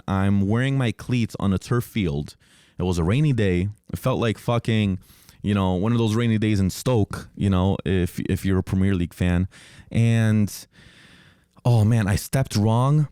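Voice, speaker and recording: A man's voice: fairly low pitch, mellow, dry recording, studio quality. A young man hosting a podcast, telling a personal story in a casual, rambling way with frequent swearing and restarts. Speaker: podcast host.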